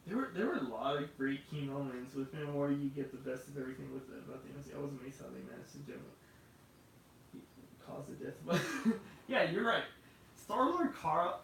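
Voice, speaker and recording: A man chatting casually about movies, animated and laughing often, with many restarts. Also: a little high, gravelly. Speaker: movie discussion host. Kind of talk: casual chat. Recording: echoey room, far from the mic, faint noise.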